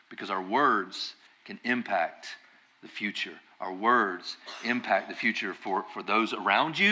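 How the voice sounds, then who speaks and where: A male pastor delivers a sermon in a relaxed, conversational way. His tone is very bright and ringing, and he lifts into emphatic, driving bursts to make a point. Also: lowish voice.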